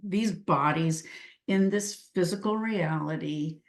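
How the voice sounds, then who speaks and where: A middle-aged woman talks slowly and earnestly as an interview guest, her slightly low voice pausing and restarting as she searches for words. The recording has a roomy echo. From Washington state. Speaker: guest, leadership coach. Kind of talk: reflective interview talk.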